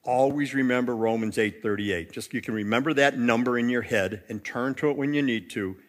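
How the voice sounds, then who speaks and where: A male pastor preaching a sermon in an expressive way, with wide swings in pitch and loudness. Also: fairly quick. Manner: acts out quotes in storytelling.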